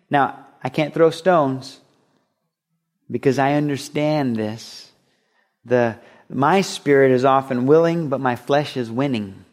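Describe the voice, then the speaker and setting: A male pastor delivers a sermon in an earnest, conversational way. His voice sits at an ordinary middle pitch, and he slips in light humor between scripture readings. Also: darkish tone.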